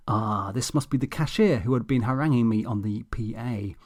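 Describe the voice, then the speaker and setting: A man's voice: mid-range voice, normal speed, hardly any pauses, a little mellow. A man reading a comic audiobook in a dry, sardonic, self-mocking way. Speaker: audiobook narrator.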